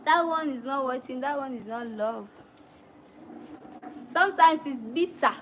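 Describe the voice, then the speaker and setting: A young woman livestream host with a high-pitched voice and a Sierra Leonean Krio-tinged accent chats casually and directly with her viewers, mixing Krio phrases into her English. She speaks a little slowly with a fairly bright tone, over slight background noise on a rough recording.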